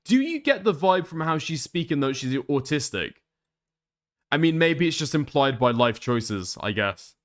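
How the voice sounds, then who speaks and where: A man riffing through a reaction stream with biting sarcasm and plenty of swearing. His pitch sits mid-range but bounces around with a lot of expression. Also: bright, forceful tone. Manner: sarcastic, profane, musing aloud. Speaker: stream commentator. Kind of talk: reaction commentary.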